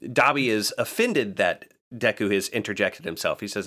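Lower-voiced guy on a chat podcast, calm, walks through the scenes. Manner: measured, recaps scenes and reads out lines. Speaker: podcast co-host recapping a manga. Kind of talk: casual chat.

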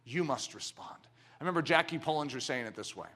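A middle-aged man preaching a sermon with passion, moving from quiet, close talk to shouting. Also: on the high side, lively intonation, fast talker. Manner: impassioned, swings from quiet intimacy to shouting.

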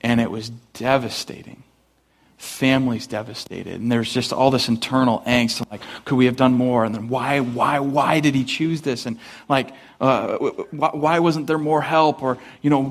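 A male pastor preaches at a normal speed, telling his sermon conversationally like a story, with many asides. He rises high and loud whenever he wants emphasis.

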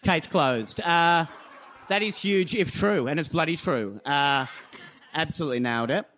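A man's voice: on the high side, normal speed, a bit bright, a little hiss or hum. An Australian man giving a comic debate speech on stage, sounding sarcastic and self-mocking. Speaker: comedy debater. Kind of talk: live stand-up debate speech. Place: live comedy venue stage.

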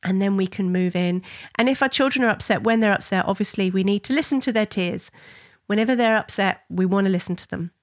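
A middle-aged woman, explaining parenting ideas in a conversational, talking-head style. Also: fast. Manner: warm conversational explaining, acts out child voices in high pitch. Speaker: parenting educator.

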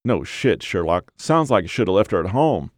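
A man's voice: on the low side, sing-song, normal speed, dry recording, clean studio sound. A man voicing a crude, sarcastic male hiker in an audiobook, blunt and cursing. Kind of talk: audiobook character voice.

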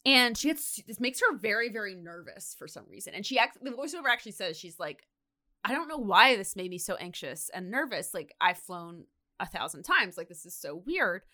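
Bright, animated woman retelling a story. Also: medium pitch, brisk. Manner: animated storyteller acting out quotes, lots of "like". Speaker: podcast co-host. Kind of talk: casual comedic retelling.

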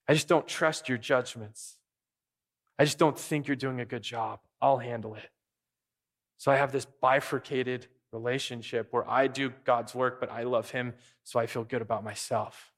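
Man preaching an animated sermon. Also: moderate pace. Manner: animated, acts out quoted voices in higher pitch. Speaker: pastor.

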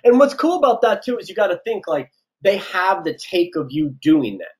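Guy talking casting tips, kinda high voice, loose and chatty. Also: sing-song, normal speed, low-quality recording. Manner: loose, chatty, lots of likes and you-knows. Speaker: casting director. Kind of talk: casual interview advice.

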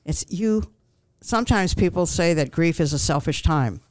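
Gentle, reassuring woman with a smooth voice. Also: fairly low pitch, expressive, normal speed, no room sound. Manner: gentle, reassuring, with frequent ums and restarts. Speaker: grief counselor guest. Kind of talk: calm advice in an interview.

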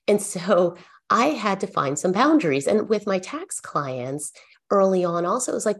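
This podcast guest, a middle-aged accountant, speaks at a normal speed in a mid-range voice. Her stories come across as earnest and lively, and she voices both her own lines and her clients'.

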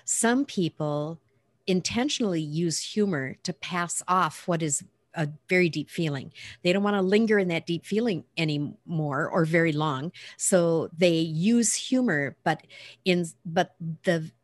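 Woman with a lowish voice, earnest and reflective, chatting on a podcast, dry close sound. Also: a little slow, no room sound. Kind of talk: casual podcast conversation.

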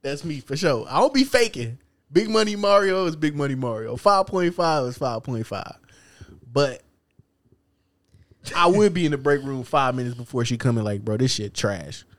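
A man's voice: fairly high pitch, expressive, moderate pace, no room sound. A man co-hosting a podcast, chatting casually in a blunt, outspoken way. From United States. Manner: blunt and outspoken, laughs between lines. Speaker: podcast co-host. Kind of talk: casual chat.

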